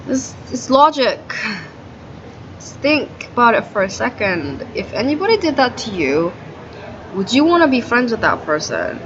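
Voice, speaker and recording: A woman's voice: fairly high pitch, very animated, normal speed. A woman ranting in a video diary, venting her grievances in a profane, aggrieved way and saying "like" again and again. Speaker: video diarist. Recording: dull lo-fi audio with noisy background.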